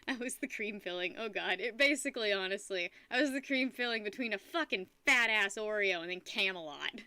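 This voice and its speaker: A young adult woman streamer chatting casually with her live viewers, telling a rambling, animated story and laughing often. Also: mid-range voice, moderate pace, clean tone, no echo.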